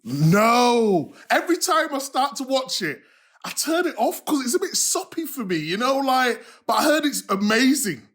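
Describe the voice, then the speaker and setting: Male co-host, thirties, lively swooping voice, giggly and animated. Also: very high-pitched, normal speed. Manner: laughs a lot, excitable. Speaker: podcast co-host. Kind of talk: casual chat.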